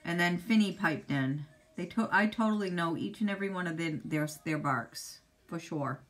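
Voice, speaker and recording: A woman's voice: on the low side, normal speed, soft background music. A middle-aged woman hosting a casual live makeup demo at home, chatting with viewers and answering them by name. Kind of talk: casual live-stream chat.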